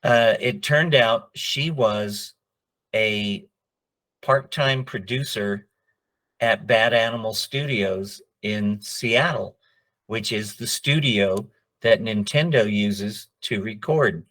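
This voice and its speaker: A middle-aged voice actor, appearing as a guest in a casual interview, speaks slowly in a voice on the low side. He tells stories with animation, acting out the people he quotes.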